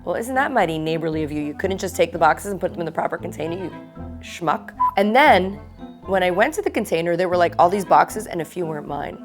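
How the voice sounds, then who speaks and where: A woman's voice: lowish voice, lively intonation, fast, faint music behind. A woman hosting a parody reality-show vlog, griping about her neighbors in a sarcastic, mock-diva way. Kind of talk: casual confessional chat.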